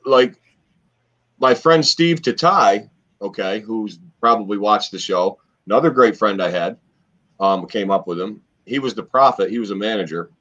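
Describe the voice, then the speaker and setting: A man and former wrestler, co-hosting a podcast, telling long stories in a rambling, animated way with lots of fillers. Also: fairly low pitch, normal speed. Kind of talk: casual storytelling chat. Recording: dull lo-fi podcast audio.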